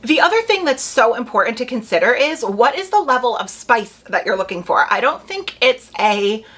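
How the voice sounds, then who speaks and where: A young woman chatting casually to camera about book picks, full of quick asides and "like". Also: a little high, sing-song, a bit bright. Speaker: booktube creator.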